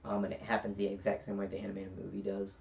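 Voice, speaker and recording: A man rambles through a casual film recap, full of fillers. His tone is mellow and sits back from the mic. The recording is dull and lo-fi. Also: deep voice, monotone, fast, creaky, recorded from a distance. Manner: rambling retelling with many fillers. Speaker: film reviewer.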